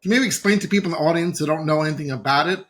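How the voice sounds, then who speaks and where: A man hosts an interview podcast with quick, eager questions. His voice is fairly high and bright for a man. He talks fast. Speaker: podcast host. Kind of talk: casual interview.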